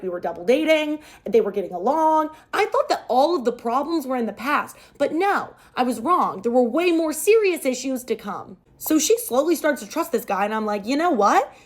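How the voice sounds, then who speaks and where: A young woman retelling a story aloud in a chatty, animated way. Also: on the high side.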